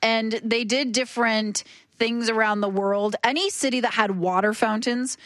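A woman's voice: a little high, no echo. Opinionated radio co-host woman. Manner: lively, opinionated, quick and laughing. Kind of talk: casual chat on air. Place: radio studio. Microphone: studio microphone.

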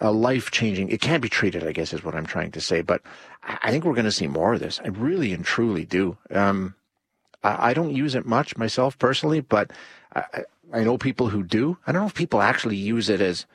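A man's voice: fairly low pitch, no echo. Rambling male talk radio host. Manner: rambling, frequent restarts and fillers. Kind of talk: casual talk radio commentary.

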